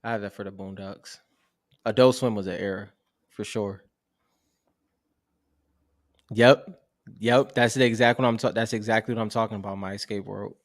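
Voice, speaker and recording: A young man co-hosting a relaxed chat about trading cards, laid-back and slangy. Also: fairly low pitch, moderate pace, long pauses, no room sound, studio quality. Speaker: co-host of a card collecting show. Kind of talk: casual chat.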